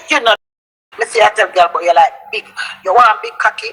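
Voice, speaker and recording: A woman with a Jamaican accent ranting heatedly in an accusing monologue, her pitch jumping around. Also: moderate pace, fairly bright tone, husky, faint music behind, poor audio.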